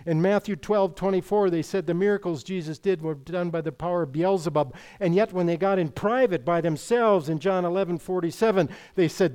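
A man's voice: sits high, a little fast, darkish tone, clean tone. A man preaching an expository sermon, quoting scripture and asking rhetorical questions. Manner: emphatic, rhetorical questions, quotes scripture in King James wording.

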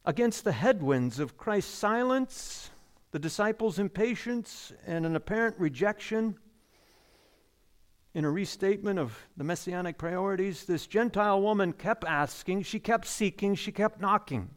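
A man preaching a sermon, stressing and repeating key phrases and letting his voice sink low and quiet at the ends of lines. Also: expressive, moderate pace.

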